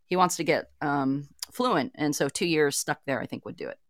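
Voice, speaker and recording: A woman in her forties tells stories in a chatty, giggly way, slipping into playful voices now and then. Her voice sits a little low. The sound is dry and close. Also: normal speed, no echo. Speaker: co-host. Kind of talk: casual chat.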